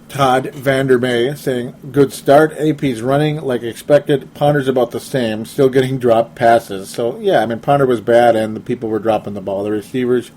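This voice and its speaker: A man's voice: mid-range voice, darkish tone. A young man hosting a casual sports talk show, rambling and laughing often as he reads listener comments. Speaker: podcast host.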